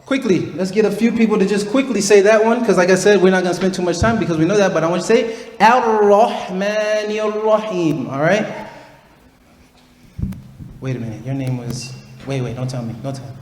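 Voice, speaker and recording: A man teaching a tajweed workshop to students, encouraging and playful, demonstrating recitation slowly. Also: high voice, darkish tone. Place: large room with students. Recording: echoey hall, faint ambience.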